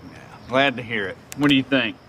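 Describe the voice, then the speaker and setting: An actor playing a folksy, deadpan male friend with dry wit. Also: mid-range voice, brisk, slight background noise, close to an everyday voice.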